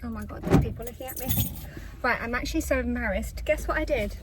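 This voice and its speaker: A chatty woman from England talks to her phone camera from inside her parked car. Her voice sits a little high, and her talk is rambling and self-deprecating. A faint hum runs underneath. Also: a little fast. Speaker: vlogger. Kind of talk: chatty shopping vlog. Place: in her car in a retail park.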